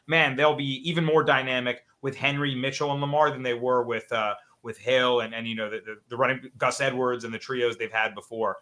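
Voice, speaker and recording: Bright-toned man talking betting picks. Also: mid-range voice, steady tone, a little fast, hardly any pauses. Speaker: betting analyst panelist. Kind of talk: sports betting live stream chat.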